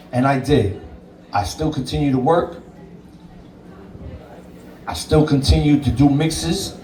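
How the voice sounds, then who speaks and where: A man's voice: medium pitch, slow pace, pauses often, dark tone, far from the mic, a little hiss or hum. A man, a DJ, telling his own story in an interview, blunt and emphatic and swearing freely. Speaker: DJ and interview guest. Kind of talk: candid personal storytelling. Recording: roomy sound, away from the mic.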